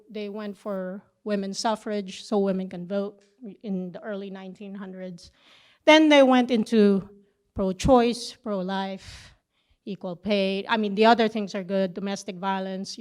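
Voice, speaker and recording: A middle-aged woman teaching a church session, telling a personal story with lively back-and-forth dialogue. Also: mid-range voice. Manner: animated storytelling, acting out both sides of a conversation.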